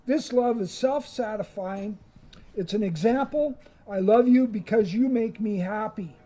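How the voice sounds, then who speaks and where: A man's voice: high voice, unhurried, dark tone, soft background music. A male chaplain giving a chapel talk, explaining ideas plainly and speaking directly to his listeners. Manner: plain teaching tone, addressing the group directly. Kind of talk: chapel sermon.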